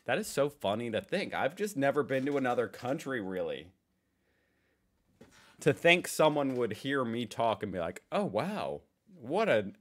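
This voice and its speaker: A man's voice: mid-range voice, moderate pace. A young American man with a General American accent, musing casually and self-deprecatingly while reacting to a video. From United States. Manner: relaxed, musing, self-deprecating, laughs often.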